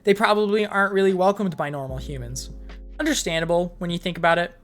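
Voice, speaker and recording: In a casual livestream style, a woman with a lowish voice reads fan fiction aloud at a fast clip, interrupting with blunt, profane side comments. Soft music plays faintly beneath her.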